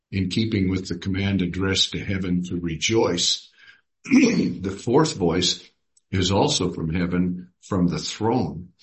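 A man leading a Bible study, reading verses aloud and putting questions to his group. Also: deep voice. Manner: unhurried, reads scripture aloud and asks the group questions.

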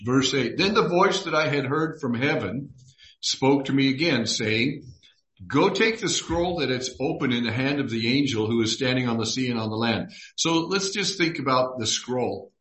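A man's voice: mid-range voice, expressive, moderate pace, fairly bright tone. A man pastor teaching a Bible study in a conversational way, reading scripture aloud and acting out the dialogue. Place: church room. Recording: roomy echo.

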